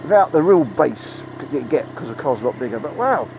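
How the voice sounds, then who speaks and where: A man giving a chatty, excitable ride-along review of a motorbike, swearing freely, talking into a helmet mic outdoors. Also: medium pitch, brisk. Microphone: helmet-mounted mic. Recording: muffled, engine and road noise.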